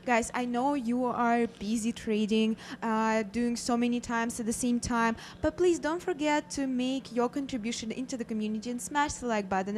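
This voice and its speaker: Woman, trading stream co-host, slightly high voice, faint background noise. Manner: cheerful, reminds viewers to like and subscribe. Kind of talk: casual live stream chat.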